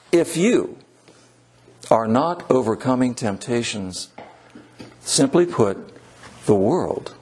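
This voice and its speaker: A male priest preaching a sermon in church. He is emphatic, repeats his key phrases and slows down to stress his points. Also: mid-range voice, a little mellow, slightly rough.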